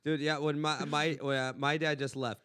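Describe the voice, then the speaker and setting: A man's voice: a little high, moderate pace, slight background noise. A man from Los Angeles, a comedian hosting a podcast, telling crude jokey stories. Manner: animated storytelling, profane and joking. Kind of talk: casual podcast chat.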